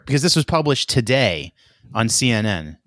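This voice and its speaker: A man's voice: medium pitch, very animated, moderate pace, a bit bright, no echo, studio quality. A man on a podcast giving short wry reactions and reading out an article. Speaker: podcast co-host. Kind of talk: casual chat.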